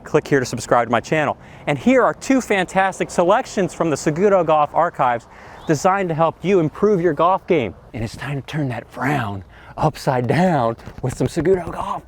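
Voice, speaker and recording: Excitable golf coach with a lively voice. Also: male voice, fairly high pitch. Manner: excitable, exclamatory, enthusiastic. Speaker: golf instructor. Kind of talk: energetic golf lesson to camera. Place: outdoors on a golf practice area.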